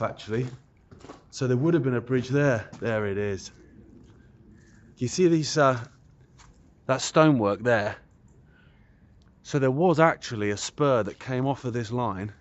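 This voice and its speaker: A man's voice: mid-range voice, highs cut off. A man hosting a walking vlog, thinking aloud about old railway features as he walks an old trackbed outdoors. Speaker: vlog host. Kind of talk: casual walking commentary.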